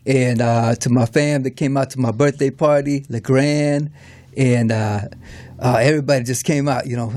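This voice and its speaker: Easygoing man giving halting shout-outs. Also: mid-range voice, steady tone, no echo. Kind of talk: casual live-stream chat.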